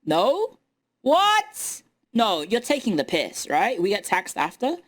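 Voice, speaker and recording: A woman's voice: medium pitch, expressive, moderate pace. Exasperated ranting woman. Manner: exasperated, ranting, incredulous outbursts. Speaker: VTuber streamer. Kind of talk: casual stream rant.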